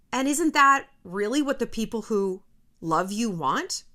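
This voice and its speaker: Brash woman vlogger, fairly high, swoops a lot, swears freely, pep-talk delivery. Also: animated, unhurried, pushed and bright. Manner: blunt and profane, pep-talk tone. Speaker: YouTube host. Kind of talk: casual motivational talk to camera.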